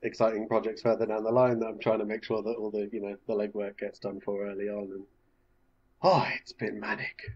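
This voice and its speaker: A man with a fairly low, husky voice, guesting on a casual podcast. He talks about his work with dry, quick-witted humour. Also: monotone, darkish tone, dull audio. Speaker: podcast guest, game designer. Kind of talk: casual chat.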